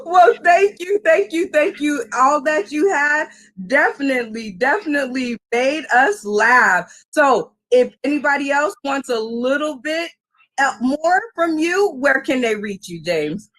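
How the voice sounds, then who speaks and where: A woman's voice: high-pitched, expressive, a little slow, fairly bright tone. A woman hosting a live comedy show, introducing comics in a playful, upbeat way. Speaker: show host.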